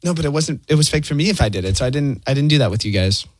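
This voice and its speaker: Husky, lively male radio co-host. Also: mid-range voice, racing, no echo. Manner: laughing, joking along. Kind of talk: casual radio banter.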